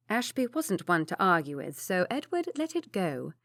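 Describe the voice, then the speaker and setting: A woman narrating a historical romance audiobook in a measured, even reading. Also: fairly low pitch, no room sound, studio quality. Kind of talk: scripted narration.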